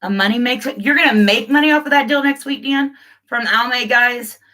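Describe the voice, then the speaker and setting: A woman's voice: a little high, fairly quick, bright, forceful tone. A woman chatting casually on a live stream, rambling and laughing, greeting viewers by name.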